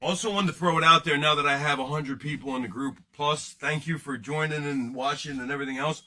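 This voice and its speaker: Bright-voiced joking man streaming live. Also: on the high side, steady tone, brisk. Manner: joking, rambling, talks to chat. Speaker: host of a card-breaking livestream. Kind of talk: casual livestream chat.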